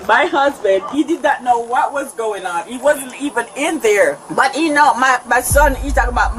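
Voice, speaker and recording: A woman's voice: high voice, lively intonation, moderate pace, few pauses, fairly bright tone. A middle-aged woman, upset and tearful, rambling through what happened and acting out what others said. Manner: rambling, acts out quoted speech, shaky. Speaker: caller. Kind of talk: distressed account to police. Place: outside a home, on bodycam. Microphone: officer's bodycam. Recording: noisy police bodycam audio.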